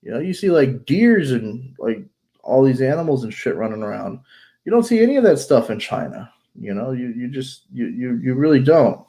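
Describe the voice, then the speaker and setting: A man talks in a loose, rambling way, swearing freely and circling back on his words. His voice carries a stuffed-up, allergy-congested sound, and his pitch sits at an ordinary middle level for a man. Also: big pitch swings, normal speed, warm tone. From United States. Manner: rambling, blunt, profane, many fillers and restarts. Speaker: vlogger. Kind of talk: casual chat.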